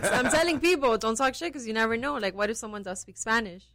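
A woman chatting casually on a podcast in an expressive way. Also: on the high side, fast. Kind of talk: casual chat.

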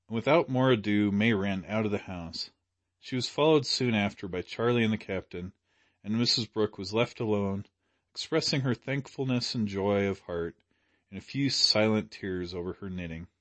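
A low-voiced man reads an old novel aloud in a measured, expressive way. The sound is dry and close, with no room around it. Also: dry recording. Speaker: audiobook narrator. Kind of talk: scripted narration.

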